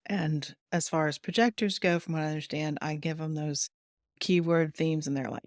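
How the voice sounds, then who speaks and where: A woman guest on a wellness podcast, explaining warmly and chattily, laughing often and acting out little quotes. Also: deep voice, fairly even intonation, normal speed, no echo, studio quality. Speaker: human design guide, guest.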